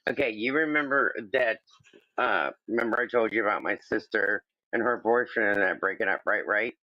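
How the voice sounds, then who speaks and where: A man's voice: mid-range voice, fairly quick, pushed and bright, no room sound, highs cut off. A man chatting casually on a livestream, telling a long rambling story and acting out the other people's lines. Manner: rambling storyteller, acts out quoted dialogue.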